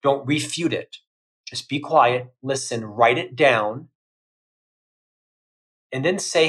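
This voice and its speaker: A middle-aged man, a guest on a podcast, talking loudly and emphatically in energetic bursts of lists. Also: mid-range voice, slow pace, pauses often, low-quality recording. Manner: loud, emphatic, listing in bursts. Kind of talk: energetic interview talk.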